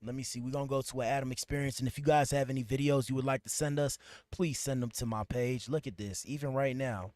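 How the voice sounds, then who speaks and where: A man's voice: medium pitch, fairly even intonation, fast talker, darkish tone, no room sound, clean studio sound. A man hosting a podcast livestream, talking loosely with his chat while he fixes his stream. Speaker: podcast host. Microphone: streaming setup at a computer.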